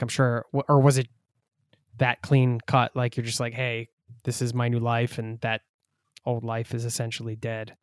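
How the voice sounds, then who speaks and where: Interviewer, male, level and steady delivery, clean dry sound. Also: mid-range voice, clear, resonant tone, no echo. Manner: curious, hesitant phrasing. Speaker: podcast host. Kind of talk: interview questions.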